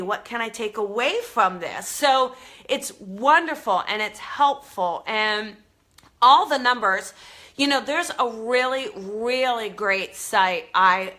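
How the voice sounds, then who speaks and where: A woman's voice: mid-range voice, measured pace, sharp tone. A woman with a New Jersey accent, hosting a live-streamed talk show, chatty and earnest with many fillers and restarts. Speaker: spiritual show host. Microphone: live stream camera mic.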